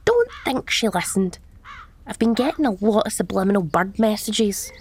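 A young woman delivering scripted comedy with sardonic, deadpan asides. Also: medium pitch, normal speed, slight background noise. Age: young adult.

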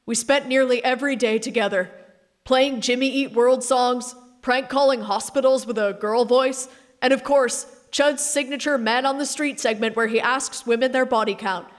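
A woman's voice: a little high, steady tone, normal speed, natural voice. A woman playing a crass male radio shock-jock who gives a mock-solemn, overdramatic eulogy in a radio sketch.

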